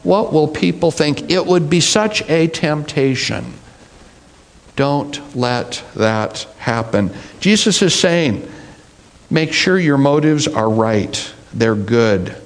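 A middle-aged man preaching a sermon, teaching in an unhurried, deliberate way. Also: medium pitch, animated. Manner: slow, deliberate preaching with mimicked voices. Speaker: pastor.

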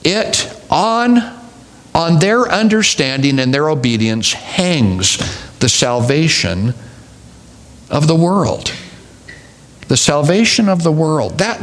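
Guy preaching a sermon, slightly high voice, keeps repeating phrases for emphasis. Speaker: pastor.

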